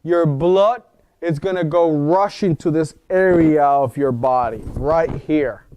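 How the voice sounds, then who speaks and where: A man's voice: on the high side, takes it slowly, warm tone, smooth, dry recording. A man teaching a wellness class in an informal, explanatory way and often checking in with his audience. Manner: explanatory, asks the audience questions. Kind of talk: informal lecture. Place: wellness center talk.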